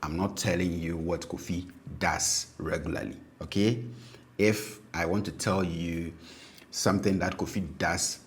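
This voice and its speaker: A man with a Ghanaian accent teaching a language lesson, explaining patiently and repeating words slowly with frequent check-ins. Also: low voice, fairly even intonation.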